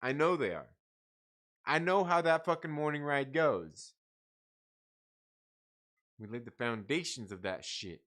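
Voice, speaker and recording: Profane, animated livestream host, man. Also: mid-range voice, a little slow, long pauses. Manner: profane, rambling, laughs often. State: tired. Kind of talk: casual live chat reading viewer comments.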